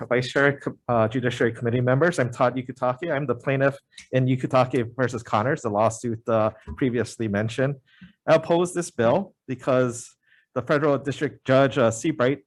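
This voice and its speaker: A man testifying at a legislative hearing as a member of the public, speaking in an earnest, halting way with many fillers. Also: medium pitch.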